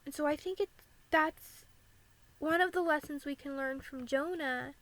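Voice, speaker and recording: A woman's voice: sits high, a little slow, fairly bright tone, no room sound, rough recording. A young American woman vlogging candidly about living with anxiety, saying "like" often. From United States. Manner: candid and earnest, frequent "like" fillers.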